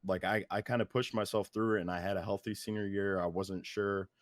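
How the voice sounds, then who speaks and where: A man's voice: lowish voice, fairly even intonation, fairly quick, no echo, clean studio sound. An eighteen-year-old man from the United States, a guest streamer talking earnestly and motivationally in a casual interview. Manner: earnest, motivational, repeats words.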